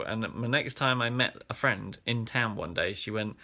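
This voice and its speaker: A man's voice: on the low side, moderate pace, few pauses, sharp tone. A man from England's Black Country talking through a casual, self-reflective vlog, rambling and hesitant with frequent ums and restarts. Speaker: vlogger.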